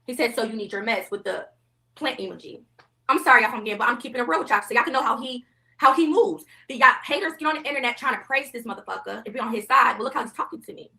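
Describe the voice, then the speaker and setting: A woman's voice: on the high side, quick pace, vocal fry, sharp tone. A woman venting on a stream, defensive and indignant, reading messages aloud.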